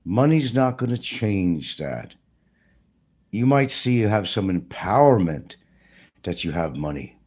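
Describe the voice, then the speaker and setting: A man's voice: on the low side, very animated, measured pace, a little mellow, husky. A man delivering a blunt, profane, preachy rant as a YouTuber. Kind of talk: ranting monologue to camera.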